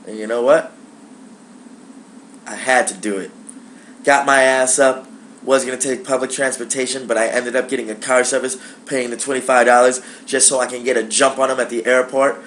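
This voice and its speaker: Young male vlogger, casual and profane, animated storytelling, mid pitch. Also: moderate pace, a little hiss or hum. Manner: animated, profane, acts out dialogue. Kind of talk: casual personal storytelling to camera.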